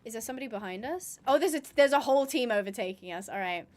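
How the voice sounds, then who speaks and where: A woman's voice: a little high, expressive, fast, darkish tone. A young woman chatting casually on a live stream while she plays, rambling with lots of fillers and restarts. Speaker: streamer and roleplayer.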